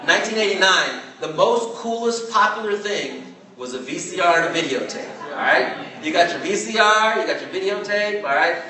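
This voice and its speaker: Bright-voiced man in a booming hall. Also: normal speed. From California. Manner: chatty, animated, asks "right?" often, laughs as he talks. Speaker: network marketing trainer. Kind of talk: storytelling training talk. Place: large hall with an audience. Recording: very echoey hall, mic far off.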